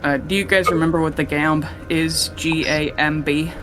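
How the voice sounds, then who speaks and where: A man's voice: on the high side, little pitch movement, moderate pace, music in the background. A young man running a tabletop game as game master, narrating casually and swearing freely. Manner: casual, swears freely, voices characters in passing.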